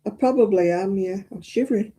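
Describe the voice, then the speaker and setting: A woman hosting a craft live stream chats to her viewers in a homely, casual way while crocheting. Her voice is mid-range and dark in tone, fairly quick, and she rambles and yawns often.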